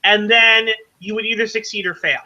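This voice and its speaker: A man running a tabletop game as game master, explaining rules haltingly with many fillers. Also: high voice, fairly even intonation, bright, forceful tone, dull audio.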